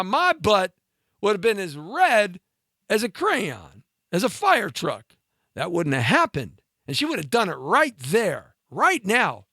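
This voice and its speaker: A man hosting a talk show, ranting in a comedic monologue, mocking and animated with sudden jumps in pitch. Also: no room sound, studio quality. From mixed Latin and Scottish-Irish heritage.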